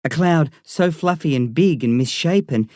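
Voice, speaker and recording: A woman's voice: deep voice, normal speed, darkish tone, no echo, clean studio sound. A woman narrating a novel in the first person, with an intense, dramatic delivery. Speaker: audiobook narrator.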